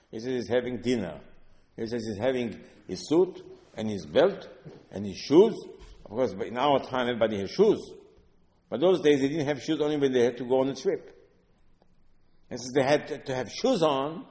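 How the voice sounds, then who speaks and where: Rabbi lecturing in a reverberant hall. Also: male voice, medium pitch. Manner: animated storytelling, acting out voices of sages. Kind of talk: Torah lecture.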